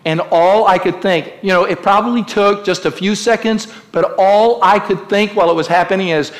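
A high-voiced middle-aged man delivering a sermon in an impassioned, preaching style. He tells stories and then climbs into ringing shouts. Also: steady tone, normal speed, hardly any pauses. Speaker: pastor.

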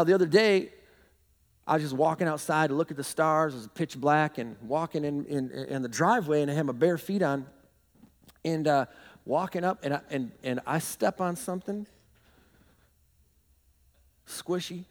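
A man preaching a sermon as pastor, telling animated stories with bursts of shouting and laughter. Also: a little high, normal speed, long pauses. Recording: long hall reverb.

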